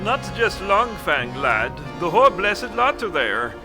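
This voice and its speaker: A booming, hearty game warrior, as a man puts him on, pushed high and loud with old-fashioned, declaiming speech. His lively voice leaps up and down over clear game music. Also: unhurried.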